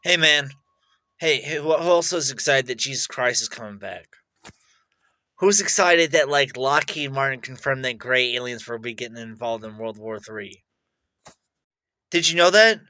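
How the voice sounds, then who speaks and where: A young man rambling boastfully to camera, excitable, swinging between loud bursts and mutters. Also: medium pitch, normal speed. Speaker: vlogger.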